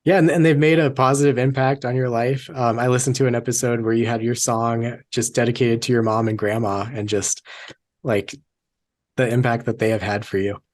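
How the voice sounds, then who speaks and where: A young man hosting a podcast interview, friendly and quick with short affirmations. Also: medium pitch, level tone. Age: young adult. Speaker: podcast host. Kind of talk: casual interview chat.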